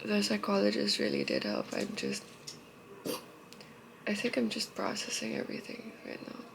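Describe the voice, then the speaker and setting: A tearful young woman in a confessional vlog, speaking haltingly with emotion and trailing off into soft murmurs. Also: medium pitch, huge pitch swings, gravelly, noisy background. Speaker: vlogger.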